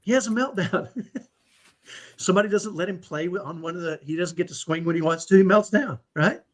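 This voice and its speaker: A middle-aged man tells his story as a podcast guest in a husky voice. He pitches his speech a little high and keeps checking in with his listener. The delivery is lively and conversational. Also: fairly quick. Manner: animated, repeats "right?" often. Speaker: podcast guest, autism dad.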